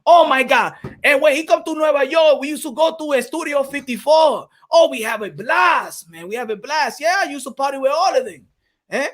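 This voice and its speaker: A man's voice: very high-pitched, lively intonation, normal speed, fairly bright tone, voice pushed up. A man playing a boastful older Puerto Rican party veteran with a Puerto Rican accent who slips into Spanish. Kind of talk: comedic character bit.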